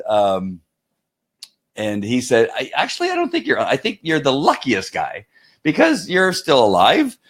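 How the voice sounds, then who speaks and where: Guy with a lowish voice rambling through a story to camera, lots of asides. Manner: rambling, with frequent restarts and asides. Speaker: vlogger. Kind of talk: casual storytelling monologue.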